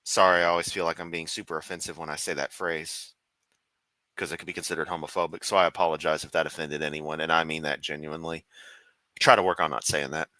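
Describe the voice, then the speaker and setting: A man's voice: extremely low pitch, level tone, quick pace, sharp tone, no echo. A man from the United States hosting a casual reaction stream from his room at home, swearing often and rambling sarcastically. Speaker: streamer host.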